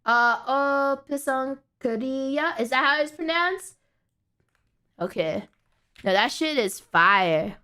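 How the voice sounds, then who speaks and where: Young woman streamer chatting at a slow easy pace, rambly, swears a lot, high voice. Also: big pitch swings, pushed and bright, clear, resonant tone. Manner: chatty, rambling, swears casually, chants playfully. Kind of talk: casual late-night stream chat.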